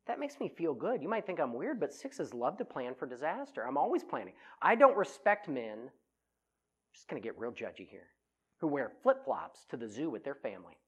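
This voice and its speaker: A middle-aged man giving a humorous talk to an audience on personality types, telling self-mocking stories. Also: on the high side. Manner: animated, self-mocking storytelling.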